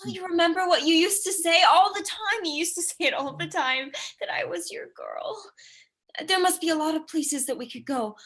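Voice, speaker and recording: A woman's voice: extremely high pitch, normal speed, fairly bright tone. Woman playing a frightened young bride. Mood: pleading. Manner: pleading, emotional and breathless. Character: frightened young bride on her wedding day. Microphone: video call.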